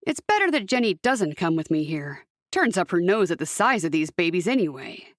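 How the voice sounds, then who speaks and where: A woman's voice: fairly low pitch, sing-song, normal speed, no echo, studio quality. A woman voicing a talkative, joking married man, chatty and teasing.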